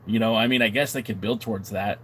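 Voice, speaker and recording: A man hosts a wrestling podcast livestream, chatting casually and reading viewer comments with animated, joking mock indignation. His voice sits fairly low, moves at a quick pace, and has a little hiss or hum behind it.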